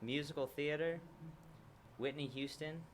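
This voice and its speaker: A man's voice: fairly high pitch, steady tone, unhurried, slight background noise. A male guest comedian in a radio studio, telling a story in a laid-back way with many fillers.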